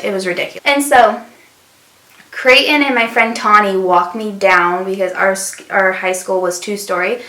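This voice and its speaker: Young woman vlogger, chatty storytelling, mid-pitched voice, roomy echo. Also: pushed and bright. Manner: chatty, many fillers, acts out quotes. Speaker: beauty vlogger. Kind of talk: casual storytelling.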